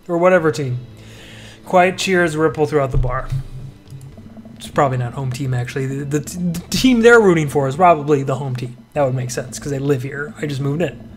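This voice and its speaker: A man's voice: fairly high pitch, faint music behind. A young man playing a dating game, reading its text aloud with playful, joking asides. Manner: playful, quick asides, reads dialogue aloud. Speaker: let's-play gamer.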